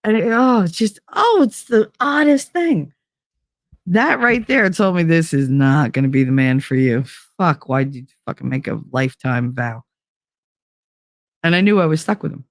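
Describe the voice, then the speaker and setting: A middle-aged woman chatting frankly with viewers on a livestream, full of swearing and quoted exchanges done in high mocking voices. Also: lively intonation, normal speed, dry recording, clean studio sound. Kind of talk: casual livestream chat.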